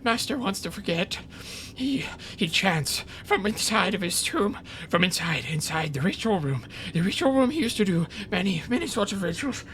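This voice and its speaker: A man's voice: sits high, big pitch swings, normal speed, few pauses, a bit bright, voice pushed up. A man voicing a small, frightened male mouse creature who stammers and pleads anxiously. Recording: noisy background.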